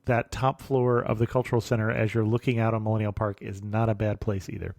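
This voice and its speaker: A man hosting a travel podcast interview, relaxed and chatty, often chuckling and giving short affirmations. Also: lowish voice, a little fast, no echo, studio quality. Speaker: podcast host. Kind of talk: conversational interview.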